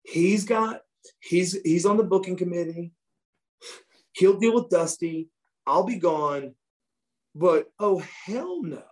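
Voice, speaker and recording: A man, a former wrestler, telling profane, animated backstage stories as a guest in a casual interview. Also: high-pitched, slow, pauses often.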